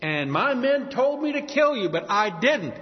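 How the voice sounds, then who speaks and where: An earnest young warrior pleads and taunts in a high, lively voice, as a man puts him on. The sound is dull and carries a long hall echo. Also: measured pace, full character voice. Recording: dull reverberant hall recording.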